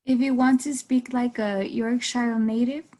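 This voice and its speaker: Higher-voiced young woman explaining. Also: fairly even intonation, measured pace, warm tone, rough recording. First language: Spanish. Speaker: student presenter. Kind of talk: class presentation.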